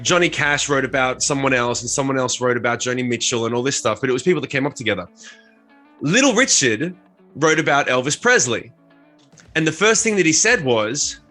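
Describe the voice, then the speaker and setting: A man's voice: medium pitch, pushed and bright. A man co-hosting a podcast, telling loose, profane stories in casual chat. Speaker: podcast co-host.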